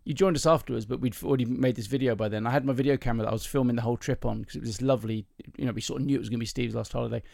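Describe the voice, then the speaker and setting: A man who works as a comedian, chatting casually on a podcast and acting out jokes with lively, sing-song voices. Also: medium pitch, very fast, gravelly, hardly any pauses, no echo, studio quality. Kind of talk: casual chat and joke telling.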